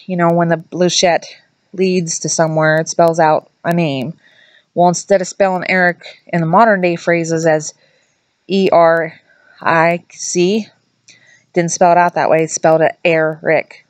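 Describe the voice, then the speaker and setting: Woman, middle-aged, lowish voice, dry close sound, rambling casual storyteller. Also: dry recording. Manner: chatty, rambling, many asides and restarts; acts out quoted voices in a higher pitch. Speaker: vlogger telling a ghost story.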